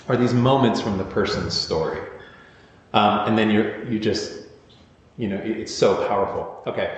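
Male pastor, mid-range voice, chatty storytelling sermon, long hall reverb. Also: medium pitch. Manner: informal, storytelling, self-deprecating asides. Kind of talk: conversational sermon. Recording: echoey hall, dull lo-fi sound.

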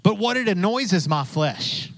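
A man's voice: sits high, expressive, normal speed, a bit bright, no room sound. A man preaching a sermon in a conversational way, repeating phrases and acting out the voices he quotes. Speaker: pastor.

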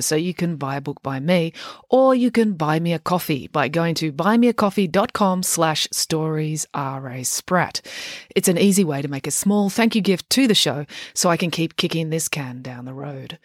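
Woman, low voice, dry close sound, bedtime story reading. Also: no echo. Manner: gentle, expressive storytelling with put-on character voices. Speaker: children's author reading her own book.

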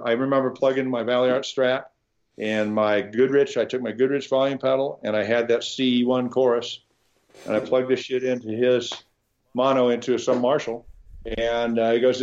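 This Nebraska guitarist talks at an ordinary pace with a medium-pitched voice, and the audio is dull. In a relaxed interview he tells wandering, energetic stories, frequently starting over and occasionally swearing.

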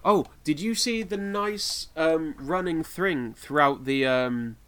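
A man's voice: on the high side, slow pace, fairly bright tone. A man from the United Kingdom co-hosting a podcast in casual chat, rambling with lots of fillers and laughing often. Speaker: podcast co-host.

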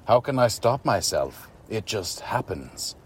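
A man voicing an eager young woman who pleads in a breathy way. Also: on the low side, big pitch swings, a little slow, heavily acted. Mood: pleading.

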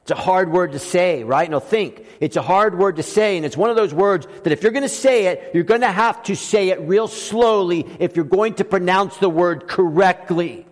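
A man preaching a sermon as pastor, swinging between loud emphatic lines and soft hushed ones. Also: sits high, moderate pace, few pauses. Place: church sanctuary. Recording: long reverb of a church hall.

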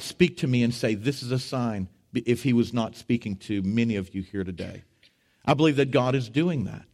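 A pastor preaching with lively, sweeping delivery. His voice jumps up loud for emphasis, then drops low and quiet for earnest points. He tells stories with humor and acts out quotes. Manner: animated preaching with swings between loud and hushed. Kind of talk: sermon.

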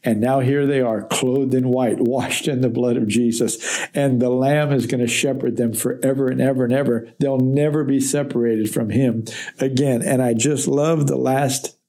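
A man's voice: mid-range voice, steady tone, normal speed. A man giving a reflective, conversational verse-by-verse Bible teaching as a podcast teacher. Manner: reflective, conversational, with gentle fillers.

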